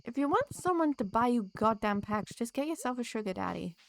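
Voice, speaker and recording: A woman's voice: a little high, expressive, a little fast, vocal fry, a little hiss or hum. A woman streamer chatting casually with her live viewers while she plays, teasing them back in a playful way and laughing often.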